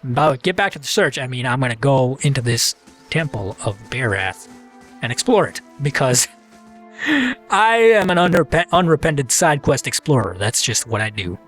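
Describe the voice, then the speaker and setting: A man's voice: mid-range voice, very animated, normal speed, a bit bright, faint music behind. A man hosting a let's play, chatting casually and playfully while he reads the game aloud. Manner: chatty, playful, self-mocking.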